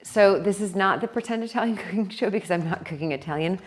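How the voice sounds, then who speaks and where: An American woman chatting casually to viewers in a vlog, excitable as she shows her kitchen garden. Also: medium pitch, quick pace. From United States. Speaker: vlogger.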